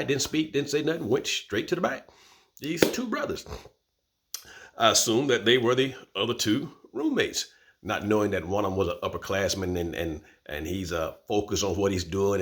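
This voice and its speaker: Animated low-voiced man in his fifties. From Florida, USA. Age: 50s. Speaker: host. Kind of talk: personal storytelling.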